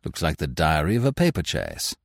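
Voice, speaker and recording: A man voicing a calm, sly plainclothes detective who speaks slowly and softly with gentle mockery. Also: extremely low pitch, gravelly, no echo, clean studio sound, voice pushed down, heavily acted.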